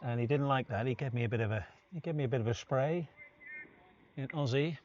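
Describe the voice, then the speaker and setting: A man calls a cricket match in a relaxed, chatty way, drifting into stories between balls. His voice sits at an ordinary middle pitch. The broadcast sounds dull and lo-fi, with a faint hiss underneath. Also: a little fast. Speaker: cricket commentator. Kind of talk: live sports commentary. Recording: dull lo-fi stream audio with faint noise.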